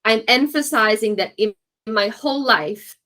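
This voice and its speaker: A woman's voice: on the high side, a little slow, bright, forceful tone, poor audio. A woman teaching a class to exam students, keeping it light and encouraging and checking in with "okay?" after nearly every point. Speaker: English teacher.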